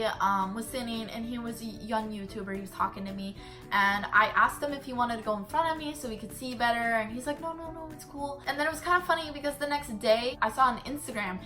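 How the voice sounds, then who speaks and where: A young woman vlogging, her slightly high voice bright and sharp. She chats through the story in an animated way, scattering "like" everywhere, with faint music in the background. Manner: chatty, animated retelling full of "like" fillers. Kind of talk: casual storytelling vlog.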